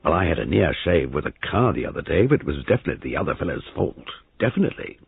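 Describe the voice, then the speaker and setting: A man's voice: very deep voice, sing-song, quick pace, creaky, husky, no room sound, exaggerated voice. A man voicing a young husband, rueful and gloomy but reassuring, heard in a phone-like, lo-fi reading.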